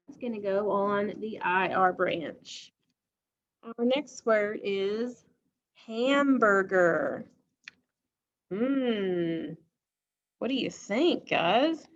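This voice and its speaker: Slow, patient woman teacher. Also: medium pitch, fairly bright tone, muffled recording. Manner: slow, patient, asks the class questions. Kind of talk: classroom phonics lesson.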